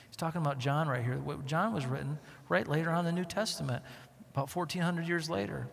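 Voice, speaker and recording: A man preaching a sermon, emphatic, with rhetorical questions to his listeners and volume that swings from loud to hushed. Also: a little high, fast talker, creaky. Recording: long reverb of a hall.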